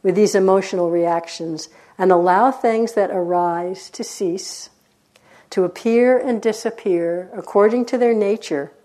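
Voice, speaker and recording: A woman meditation teacher giving a dharma talk in a gentle, unhurried way, with reflective pauses. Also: mid-range voice.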